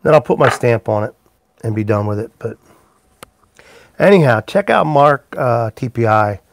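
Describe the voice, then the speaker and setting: A man's voice: medium pitch, animated, normal speed, vocal fry, dry recording. A man hosting a casual live stream from his workshop, rambling easily while he works and greeting viewers by name. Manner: rambling, easygoing, talks to chat viewers by name. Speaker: livestream host and pipe maker.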